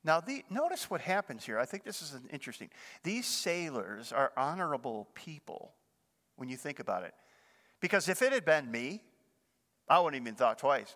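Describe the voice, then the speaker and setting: An older male pastor delivers a sermon at a normal pace in a relaxed, conversational way, often putting questions to the congregation. His slightly high voice rings brightly, and a long reverb from the church sanctuary lingers after his words.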